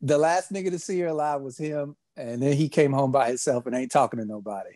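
A man's voice: mid-range voice, fast talker, a loud crowd. A man co-hosting a podcast in casual chat, laid-back and blunt, chuckling as he talks. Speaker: podcast co-host.

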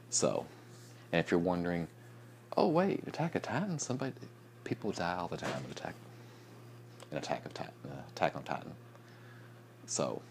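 Young man, very low voice, sleepy and yawning, rambling late-night vlog chat, faint hum behind. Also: gravelly. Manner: rambling, with restarts, soft chuckles. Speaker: vlogger.

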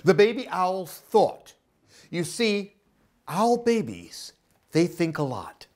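A woman librarian reading a picture book aloud at a children's storytime, in an expressive, animated voice. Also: on the low side, slow pace.

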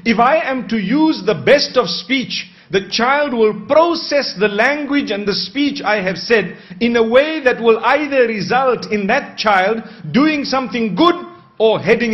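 A man preaching a sermon, measured and posing rhetorical questions he then answers. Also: high voice, lively intonation. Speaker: Islamic preacher. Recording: dull lo-fi recording.

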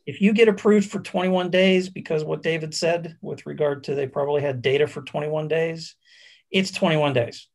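A man's voice: on the high side, steady tone, moderate pace. A man professor on a university panel, folksy and wry, with hesitant restarts. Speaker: chemical engineering professor, panelist. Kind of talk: panel discussion.

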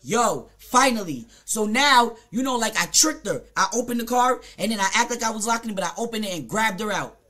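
A woman's voice: fairly high pitch, animated, brisk, fairly bright tone. A woman live-streaming, telling a story and cursing out a viewer in the comments in a heated, profane, confrontational way. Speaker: Twitch streamer.

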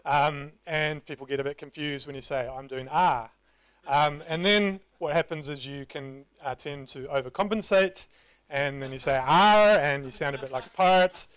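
A man with a New Zealand accent giving a relaxed, conversational conference talk with self-deprecating humor. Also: on the high side, normal speed, clean tone, dry recording, poor audio. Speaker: conference presenter. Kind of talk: casual live tech talk. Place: meetup presentation room.

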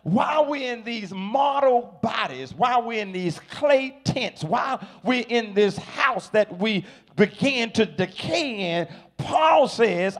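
A man preaching a sermon, repeating words as he builds, swelling from quiet explanation into loud shouted calls for his listeners to answer. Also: sits high, animated, slow.

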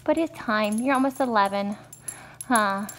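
A woman's voice: mid-range voice, measured pace, fairly bright tone, a little hiss or hum. A woman vlogger talking casually to her dogs at home, in a sing-song, cooing pet-talk voice. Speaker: vlogger with a guide dog.

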